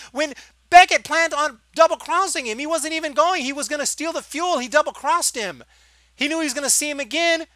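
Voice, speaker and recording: A man's voice: sits high, sharp tone, no echo. A man giving a casual, sarcastic movie review, exasperated and acting out lines of dialogue. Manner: sarcastic, exasperated, acts out quotes.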